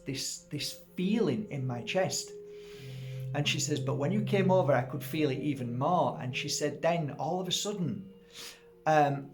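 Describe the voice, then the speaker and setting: A middle-aged man telling a personal story in a casual, animated way, acting out what people said and laughing at himself. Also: a little high. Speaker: crystal healer telling a story.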